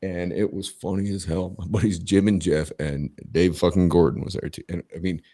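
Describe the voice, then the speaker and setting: A man's voice: deep voice, steady tone, fairly quick, warm tone. A middle-aged man hosting a podcast, telling a story casually and emphatically, swearing heavily and restarting his sentences. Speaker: podcast host.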